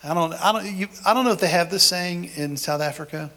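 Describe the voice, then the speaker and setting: Preacher, higher-pitched man. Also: brisk, pushed and bright. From Texas. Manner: conversational preaching with joking asides that builds to emphatic declarations. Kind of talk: sermon. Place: church service before a congregation.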